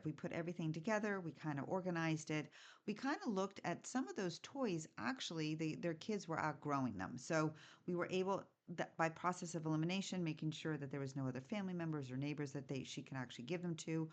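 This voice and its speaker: A middle-aged woman hosts a casual solo podcast about home organizing, with a somewhat low-pitched voice. She talks in a chatty, lively way and keeps asking her listeners direct questions. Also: brisk.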